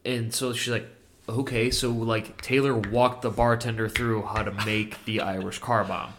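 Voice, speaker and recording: A man spins a rambling drinking story packed with "like" and swearing, loose and conversational. His voice sits at an ordinary pitch, nothing pushed. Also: little pitch movement, a little slow, background noise. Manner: profane storytelling with many fillers. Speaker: podcast co-host. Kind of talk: casual drinking chat.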